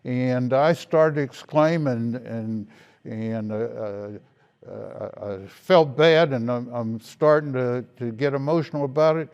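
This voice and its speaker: An older man slowly and reflectively telling stories of his past in an oral history interview. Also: medium pitch, darkish tone, clean tone, dull audio. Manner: slow, reflective storytelling. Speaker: interviewee, veteran.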